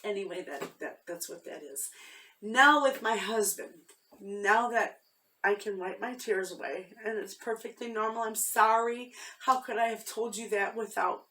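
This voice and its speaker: A woman's voice: mid-range voice, normal speed, sharp tone, recorded from a distance. A woman vlogging from her homestead, telling a story in a heartfelt, rambling way with many restarts. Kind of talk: casual chat to camera.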